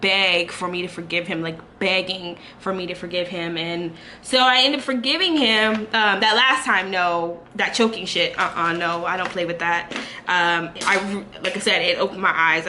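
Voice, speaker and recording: Bright-voiced young woman telling a rambling story. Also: mid-range voice, a little hiss or hum. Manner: rambling, candid, many fillers and restarts. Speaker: vlogger. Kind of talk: casual storytime chat.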